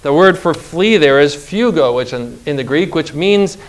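Man preaching, sermon, emphatic rhetorical questions, slightly high voice. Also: lively intonation. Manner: emphatic, slow dramatic phrasing with rhetorical questions.

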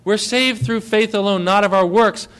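A male pastor preaching a sermon with emphatic stresses, dropping to quiet asides and putting direct questions to his listeners. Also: high-pitched, fairly even intonation, normal speed, smooth.

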